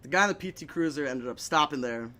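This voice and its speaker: A man's voice: on the high side, animated, fast, sharp tone. A young man telling a story in a casual chat, swearing a lot and laughing between lines. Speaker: podcast guest.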